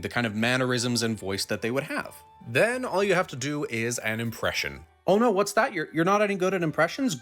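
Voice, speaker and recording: A man giving advice to game masters in a lively, joking way, talking straight to the viewer. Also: medium pitch. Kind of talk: advice video talk.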